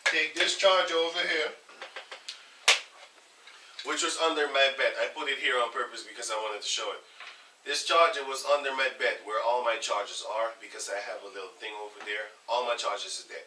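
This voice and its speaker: Animated storytelling man, echoey far mic. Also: medium pitch, fairly quick. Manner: animated storytelling, acts out others' lines. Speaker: group leader. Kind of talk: casual group chat telling stories. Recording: echoey room from far off, faint noise.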